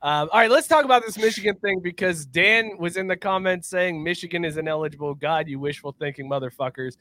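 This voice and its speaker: A man hosting a sports podcast, ranting in a brash, profane, excitable way. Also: high-pitched, a little fast. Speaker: podcast host. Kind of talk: casual sports podcast banter.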